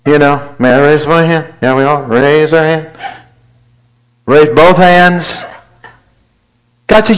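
A high-voiced male pastor preaching from the pulpit. He tells a story about himself, admits his faults with self-deprecating humor and acts out both sides of his talks with God. He throws in asides to his congregation. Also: moderate pace, pauses often, rough recording. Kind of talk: sermon.

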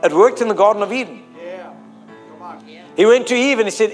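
A man's voice: sits high, a little fast, pauses often, soft background music. A man preaching a sermon in a church service, emphatic and repetitive, calling on his listeners to answer him.

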